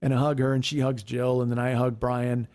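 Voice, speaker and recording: A man in his forties hosting a podcast, telling a story in casual chat, profane, animated and self-mocking. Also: medium pitch, fairly quick. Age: 40s. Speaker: podcast host.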